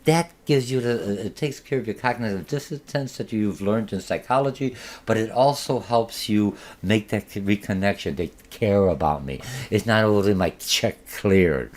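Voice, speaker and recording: Low-voiced guy giving a sales lecture, rambly and chatty, restarts a lot. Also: normal speed. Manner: rambling and conversational, with many restarts and acted-out examples. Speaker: college marketing instructor. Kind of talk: recorded lecture.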